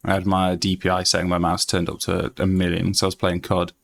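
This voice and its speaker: A man's voice: deep voice, monotone, fast talker, creaky. A man with a Yorkshire accent, chatting casually on a game stream and reading notes aloud with many fillers. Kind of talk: casual live-stream chat.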